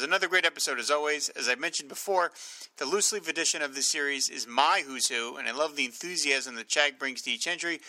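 A man's voice: a little high, bright, forceful tone. A man co-hosting a casual podcast, speaking wryly and with self-deprecating humor. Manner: self-deprecating, dry, wry. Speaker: podcast co-host.

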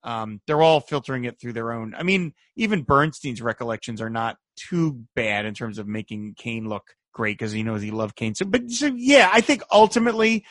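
A man's voice: mid-range voice, normal speed, few pauses, no room sound, clean studio sound. A man co-hosting a podcast, chatting casually about an old movie and acting out lines in quoted voices. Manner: animated, acts out quoted voices. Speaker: podcast co-host. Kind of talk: casual film discussion.

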